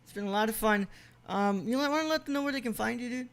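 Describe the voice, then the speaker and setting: An easygoing man hosts a casual live-stream interview. He fills the talk with quick agreements. He speaks loosely and informally to his guest. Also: very high voice, vocal fry, a bit bright, clear, resonant tone. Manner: easygoing, short affirmations and laughs. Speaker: host.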